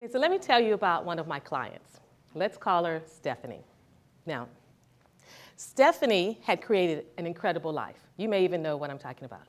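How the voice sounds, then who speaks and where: A woman therapist gives a motivational talk to a seminar audience in a fairly low voice that is very animated and a little fast. She speaks conversationally, frequently checking in and asking the audience questions.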